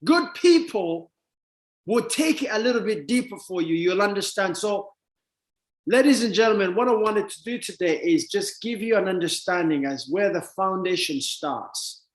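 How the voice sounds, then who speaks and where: A man giving a motivational talk to an audience, emphatic and repetitive, swinging between loud and soft. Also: high-pitched, expressive, normal speed. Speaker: motivational speaker. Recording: echoey room.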